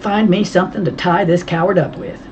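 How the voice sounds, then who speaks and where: A woman's voice: on the low side, steady tone, a little fast, a little mellow, lo-fi sound, slight background noise, pitched above the performer's own voice, lightly acted. A woman voicing a stern military man in an audiobook, giving clipped, firm commands. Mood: commanding. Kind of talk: audiobook character voice.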